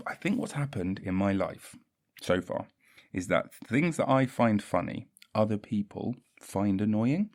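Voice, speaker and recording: A young man hosting a solo podcast, rambling and self-mocking, with a lot of swearing. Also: lowish voice. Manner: scattered, self-mocking, swears a lot, drifts into silly voices. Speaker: podcast host.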